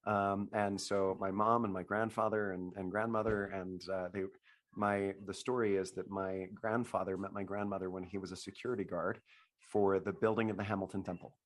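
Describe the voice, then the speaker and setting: A man with a scratchy, hoarse voice from laryngitis, hosting a casual panel over a video call and often restarting his sentences. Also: low voice, little pitch movement, normal speed. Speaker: host.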